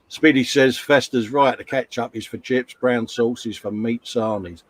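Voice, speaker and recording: A man's voice: medium pitch, fairly even intonation, moderate pace, hardly any pauses, slight background noise. A man, co-hosting a live stream and chatting casually while reading viewer comments aloud. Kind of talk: casual banter.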